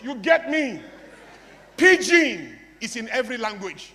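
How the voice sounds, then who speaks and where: A man's voice: very high-pitched, very animated, a little slow, fairly bright tone, long reverb tail. A man with a Nigerian English accent giving a playful motivational talk to a live audience, mimicking broken English for laughs. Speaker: motivational speaker.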